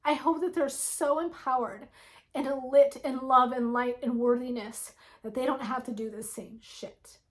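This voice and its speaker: A woman in her forties with a slightly high voice delivers a blunt, impassioned pep talk straight to her viewers. She swears freely and preaches with fire. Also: steady tone, measured pace. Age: 40s. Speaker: wellness vlogger. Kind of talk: impassioned motivational vlog.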